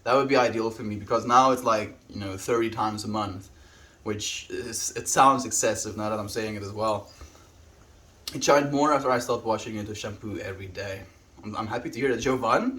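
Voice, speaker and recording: A man's voice: on the low side, normal speed, a bit bright. Friendly man chatting on a stream. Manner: friendly, greets viewers by name, reads chat aloud. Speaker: livestreamer. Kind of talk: casual chat with live viewers.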